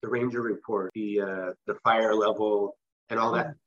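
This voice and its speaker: A man's voice: on the low side, steady tone, moderate pace, fairly bright tone, muffled recording. A man from the West Coast of the US, a guest telling a long personal story in a casual, rambling way with restarts. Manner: rambling, with restarts and filler phrases. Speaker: interview guest.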